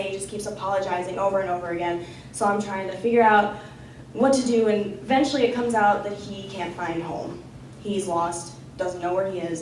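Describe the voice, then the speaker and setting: A young woman student telling a personal story at a live storytelling event, animated and chatty, full of "like.". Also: mid-range voice, a little hiss or hum. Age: young adult. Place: campus lounge storytelling event. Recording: echoey room, voice from far off.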